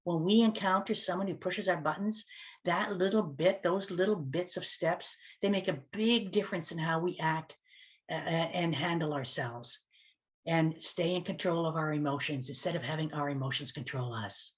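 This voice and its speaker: A woman telling a personal story as a speaker and communication coach, animated and lively, with big swings in her voice. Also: fairly low pitch, normal speed. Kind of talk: storytelling talk to camera.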